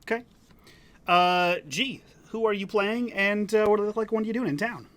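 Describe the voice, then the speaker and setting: A man's voice: sits high, moderate pace, fairly bright tone. A man hosting a streamed tabletop game as game master, upbeat and rambling, with frequent fillers.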